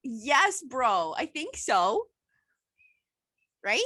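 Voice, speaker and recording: A woman's voice: high voice, sing-song, drawn-out words, sharp tone, breathy edge, no echo. A young woman co-hosting a casual podcast, rambling and swearing freely while laughing often. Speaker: podcast co-host. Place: outdoors at her mother's home. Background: dog barking and squirrel noises.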